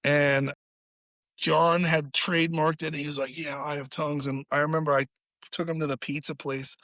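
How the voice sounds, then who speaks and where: A man's voice: fairly high pitch, level tone, moderate pace, sharp tone, no room sound. A man, a podcast guest, telling a story in casual chat, swearing freely and acting out quotes in a raised voice.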